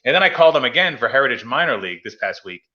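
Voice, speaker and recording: Racing along and very animated, a Massachusetts podcast host with a medium-pitched, pushed, bright voice tells stories in a casual hobby chat. He acts out the phone calls he quotes, and the audio sounds dull.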